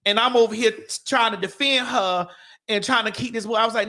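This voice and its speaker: High-voiced woman ranting bluntly on air. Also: brisk. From Miami-Dade, Florida. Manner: animated, profane, blunt ranting. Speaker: morning show host. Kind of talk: casual talk-show storytelling.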